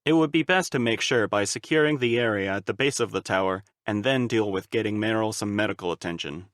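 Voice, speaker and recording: A man reading a fan-made audiobook in a steady, even storytelling manner. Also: fairly low pitch, brisk, no echo, studio quality. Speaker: audiobook narrator.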